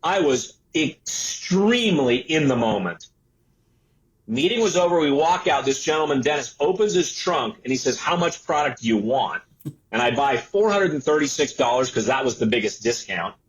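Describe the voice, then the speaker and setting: Man in his sixties telling a lively story. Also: medium pitch, normal speed, highs cut off. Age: 60s. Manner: animated storyteller who acts out the people he quotes. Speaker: entrepreneur and author guest. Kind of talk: storytelling in an interview.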